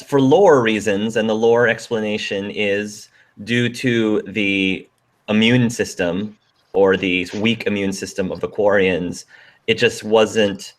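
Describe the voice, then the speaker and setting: A man hosting a casual online panel chat, handing out turns to speakers. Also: lowish voice. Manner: relaxed, moderating turns. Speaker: host.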